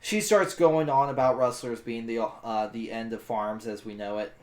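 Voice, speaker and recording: Man, mid-pitched, tabletop player, storytelling, echoey room. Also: normal speed. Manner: storytelling, voices his character's lines. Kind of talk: narrating his character in a tabletop game.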